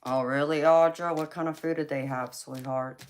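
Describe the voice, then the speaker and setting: A woman's voice: deep voice, steady tone, moderate pace. A young woman with a Southern drawl chatting casually with her livestream viewers, reading their comments aloud. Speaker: livestream host. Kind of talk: casual chat with live viewers.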